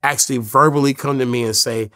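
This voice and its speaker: Talking fast in a sharp-toned, medium-pitched voice with fairly even intonation, a man in his fifties shares stories as a rapper guest in an interview. He keeps it laid-back and profane. He quotes others in their voices.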